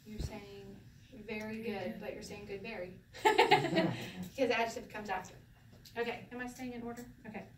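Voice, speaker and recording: A woman teaching a Hebrew class in a casual, playful way, laughing often and going sing-song when she demonstrates. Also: a little high. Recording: roomy, from a distance, faint background noise.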